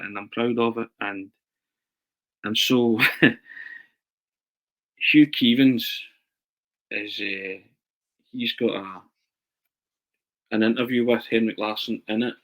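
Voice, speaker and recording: A journalist and writer, interviewed as a guest, tells anecdotes in a medium-pitched voice, a little slow with long pauses. He's animated and laughs a lot, repeating and restarting his phrases, and the recording quality is low.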